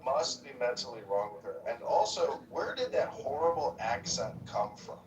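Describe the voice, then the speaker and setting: A man's voice: mid-range voice, big pitch swings, normal speed. A man in casual group chat, trading crude, teasing banter. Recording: roomy, distant mic with crowd.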